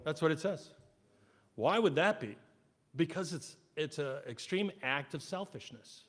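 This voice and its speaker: A man preaching a sermon in church, animated, acting out quoted voices and swinging between loud and soft. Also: on the high side, a little slow. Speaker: pastor. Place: church sanctuary.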